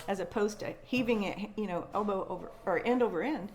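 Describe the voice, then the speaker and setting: A woman's voice: medium pitch, a little fast, over a noisy crowd. A woman at a conference telling an eerie first-person story with emotion, repeating and restarting words and acting out her own thoughts. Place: conference venue.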